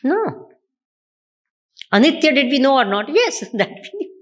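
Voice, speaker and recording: Lively Indian woman teaching Vedanta. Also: sits high, measured pace, dull audio. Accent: Indian English. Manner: asks the audience repeated rhetorical questions. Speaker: spiritual teacher. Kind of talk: Vedanta discourse with questions to listeners.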